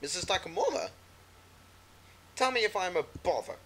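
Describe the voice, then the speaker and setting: A man doing a shrill, frightened young woman. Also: sing-song, normal speed, fairly bright tone, heavily acted. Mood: accusing. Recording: noisy with clicks and ticking.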